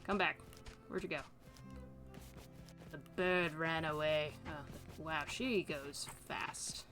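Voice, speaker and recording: A woman's voice: on the low side, measured pace, a bit bright, faint music behind. A woman streamer giving casual gameplay commentary, chatty and self-amused as she thinks aloud.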